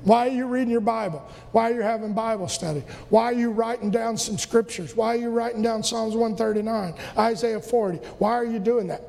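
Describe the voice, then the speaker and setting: Male pastor, fervent sermon, very high voice, gravelly, long church reverb. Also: steady tone, fairly quick, a little mellow. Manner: fervent preaching, repeating phrases and rising into song. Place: church sanctuary.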